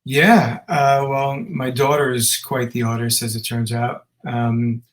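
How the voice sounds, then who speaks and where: A man's voice: medium pitch, steady tone, unhurried, low-quality recording. A man, a musician and father, chatting as an interview guest, telling a story animatedly with fillers and restarts. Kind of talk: casual interview chat.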